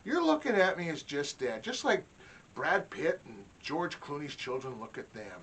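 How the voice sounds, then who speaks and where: A middle-aged man telling a comic story in a mock-indignant, animated way. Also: fairly high pitch, unhurried, slight background noise. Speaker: comedy vlogger. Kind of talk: comic monologue.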